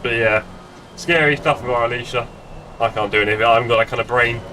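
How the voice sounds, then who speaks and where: Speaking quickly with a bright, forceful, medium-pitched voice, a middle-aged man live-streams sim racing from his home gaming room. He rambles casually to viewers in a self-mocking way over a desk streaming mic, with slight background noise.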